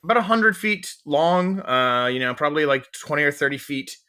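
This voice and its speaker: A man's voice: on the high side, expressive, moderate pace, pushed and bright, clean tone. A man acting as game master, describing the scene at length with lots of restarts and fillers. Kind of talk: narrating a tabletop game.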